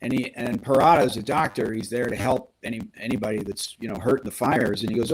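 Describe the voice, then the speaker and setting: A man's voice: mid-range voice, a little fast, breathy edge, poor audio. A man on a podcast, casually retelling a story with animation and acting out the quoted lines. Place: podcast studio.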